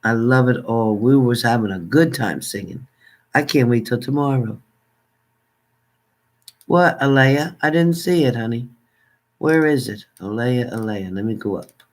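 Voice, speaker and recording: An older man casually chatting on a livestream, warmly thanking viewers by name and calling them hon. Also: medium pitch, unhurried, long pauses. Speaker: livestream host.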